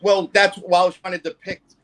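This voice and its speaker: A man's voice: sits high, flat delivery, fairly quick, a bit bright. A man guest telling a personal story in a rambling way, full of fillers and restarts.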